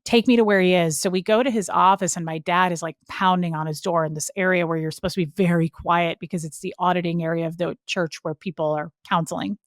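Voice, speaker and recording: A woman's voice: fairly low pitch, steady tone, fast talker, hardly any pauses, no echo, studio quality. A woman guest telling a personal story in a casual, earnest way, full of "like" fillers. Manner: earnest and emotional when recounting. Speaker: podcast guest.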